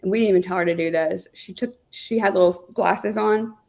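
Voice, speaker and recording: A woman telling stories as an interview guest in a chatty, animated way, with lots of fillers. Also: medium pitch, fairly quick, vocal fry. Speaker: guest, real estate team leader. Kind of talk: casual interview storytelling.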